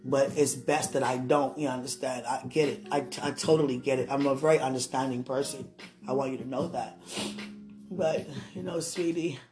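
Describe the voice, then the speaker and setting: Woman, emotional monologue, rambling and tender, keeps asking if he understands, sitting on a bed, soft guitar in the background. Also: very deep voice, steady tone, moderate pace. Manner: rambling, affectionate, often asks "you understand?". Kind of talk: emotional monologue to a loved one.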